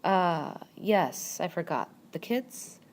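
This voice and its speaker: Woman doing a gruff, tired middle-aged man. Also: fairly low pitch, animated. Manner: gruff, slow and weary.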